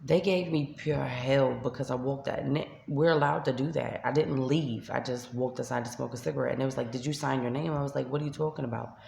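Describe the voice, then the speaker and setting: A woman's voice: rumbling low, steady tone, a little fast, vocal fry, few pauses, darkish tone, reverberant. A woman with a New York accent, a shelter resident venting to camera in a vlog, upset and tearful as she retells an argument. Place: shelter room by a street window.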